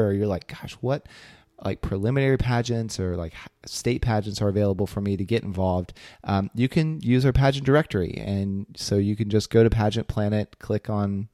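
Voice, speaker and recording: A man with a lowish voice co-hosts a podcast, telling stories in a relaxed, chatty way. He drifts into easy fillers and asides as he goes. The sound is dry and close. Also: no echo. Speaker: podcast co-host. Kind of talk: casual podcast chat.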